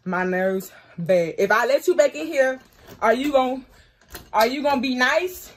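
A young woman vlogging casually to camera, excitable and slangy, often exclaiming in frustration. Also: high-pitched, measured pace. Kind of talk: casual prank vlog talk to camera.

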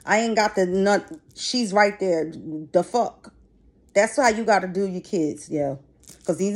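A woman's voice: mid-range voice, darkish tone. Blunt, profane woman reading tarot. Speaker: tarot reader. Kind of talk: casual tarot reading to viewers. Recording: noisy background.

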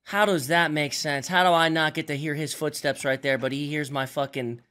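A man's voice: a little high, flat delivery, brisk, bright, forceful tone. A man streaming a survival game, chatting casually with teammates in profane, exasperated bursts. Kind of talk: casual gaming chat with teammates.

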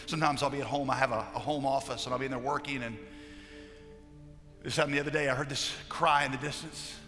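A man preaching a sermon as a pastor, passionate, moving from loud declarations to hushed storytelling. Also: medium pitch, fairly even intonation, quick pace. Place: large conference hall. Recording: live hall recording with long reverb and faint music.

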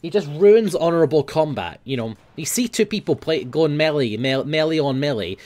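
A young man giving casual gameplay commentary, swearing often and grumbling at his team, quick to flare up. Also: a little high, lively intonation, a little mellow. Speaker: gaming video host.

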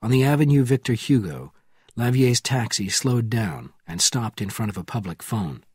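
Guy reading a spy thriller audiobook, kinda husky, lowish, dry close sound. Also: lively intonation, moderate pace, darkish tone, no room sound. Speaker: audiobook narrator. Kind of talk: scripted thriller narration.

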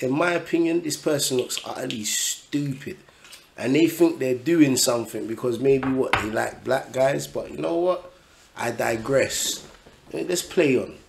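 Gravelly man ranting. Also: a little high, a little hiss or hum. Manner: blunt, profane, exasperated. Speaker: reaction commentator. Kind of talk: ranting reaction commentary.

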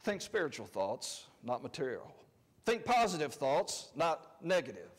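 A man preaching a sermon as pastor, conversational, swinging between loud emphatic lines and quiet asides. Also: fairly high pitch, sing-song, measured pace, slightly rough, long reverb tail. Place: church sanctuary.

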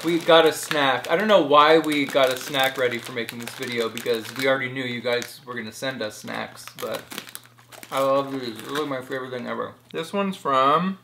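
A woman's voice: rumbling low, normal speed, gravelly, a bit bright, slight background noise. A woman in a casual home vlog, chatting and joking as she opens and reads fan mail aloud. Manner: playful, jokey, reads labels aloud. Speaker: vlogger opening fan mail. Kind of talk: casual chat.

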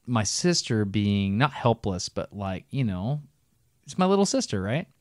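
A middle-aged man co-hosting a podcast, telling a long story in a casual, animated way and breaking into laughs as he goes. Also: lowish voice, measured pace, no room sound, studio quality. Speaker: podcast co-host.

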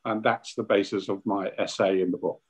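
A man's voice: fairly low pitch, steady tone, brisk, slightly rough. A British man contributing to a book launch discussion, giving strong opinions with frequent hesitations and restarts. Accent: British English. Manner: opinionated, hesitant with many fillers. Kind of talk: online panel discussion.

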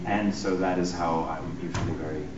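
A man on a convention panel telling lively stories with a faintly British-tinged American accent, theatrical and self-mocking. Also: sits low, normal speed. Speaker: voice actor panelist. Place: hotel convention room. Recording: echoey hotel room from far off, muffled, noisy.

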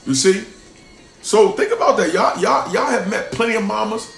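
A man preaching as a pastor, emphatic, repeating lines for stress and swinging between loud bursts and hushed asides. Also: high-pitched, normal speed, vocal fry, echoey room, faint music behind. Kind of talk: sermon.

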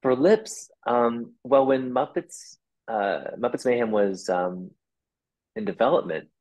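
A man's voice: mid-range voice, lively intonation, slow, a little mellow. A man talking as a guest in a casual interview, reflective and rambling, with lots of restarts. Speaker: guest puppeteer.

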